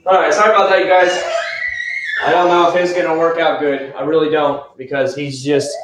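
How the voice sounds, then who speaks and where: A man hosting a casual late-night livestream, answering viewers in a rambling, plainspoken way with halting restarts. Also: a little high, little pitch movement. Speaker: livestream host reviewing car-care products. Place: home room with a young child nearby. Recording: echoey room with background noise. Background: noise, a child crying at times.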